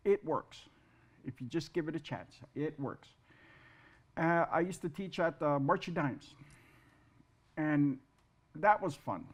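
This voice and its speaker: A man who is an artist, talking in a casual interview, halting and repeating words, with self-deprecating humor. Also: on the high side. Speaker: guest artist.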